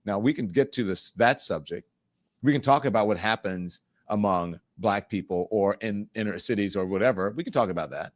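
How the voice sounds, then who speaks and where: A man's voice: mid-range voice, dry recording. A man hosting a live online talk show, speaking candidly and with animation straight to his viewers. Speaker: show host. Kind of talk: casual livestream commentary.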